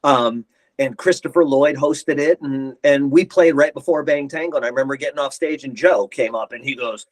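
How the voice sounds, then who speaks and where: In a casual interview, a middle-aged guest guitarist rambles through band stories, acting out the quotes as he goes. His voice sits at medium pitch and moves at normal speed, and the recording quality is low.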